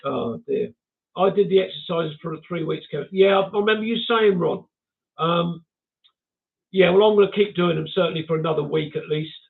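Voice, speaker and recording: An older Englishman chats casually and chuckles at his own jokes as he reads viewer messages aloud. His voice sits fairly high and has a gravelly edge. It all comes through a thin, tinny line. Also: moderate pace. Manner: chatty, chuckling, self-mocking. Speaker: livestream host. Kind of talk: casual chat reading viewer comments. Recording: tinny phone-like sound.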